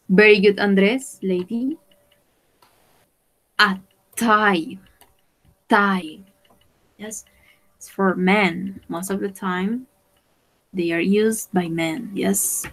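A woman teaches English vocabulary over a video call, speaking very slowly and patiently. She repeats each word for her students and switches into Spanish to explain a point. Her voice sits at a medium pitch. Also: fairly even intonation, poor audio. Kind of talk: online class teaching vocabulary.

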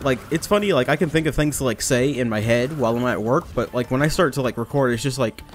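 Young guy rambling over a platformer, jokes at his own expense, yells now and then, faint hiss. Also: medium pitch, fast, hardly any pauses. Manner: rambling and self-mocking, with sudden loud outbursts. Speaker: let's play gamer. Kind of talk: casual gameplay commentary.

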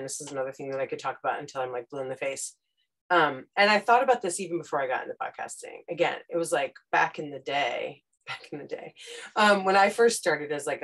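A woman, a podcast host telling stories on a panel and acting out quotes with casual fillers. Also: low voice. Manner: lively storytelling, acts out quotes, casual fillers. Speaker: podcast host and former radio correspondent, interview guest. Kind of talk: animated panel conversation.

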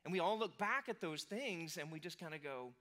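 A man's voice: on the high side, expressive, fairly quick, sharp tone. A man in his forties, a pastor, giving a casual, self-deprecating sermon told as a personal story. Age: 40s.

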